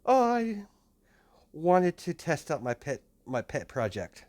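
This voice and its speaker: A man's voice: fairly high pitch, very animated, slow pace, a little mellow, voice pushed up. A man voicing a scheming inventor who sounds smug and gleeful.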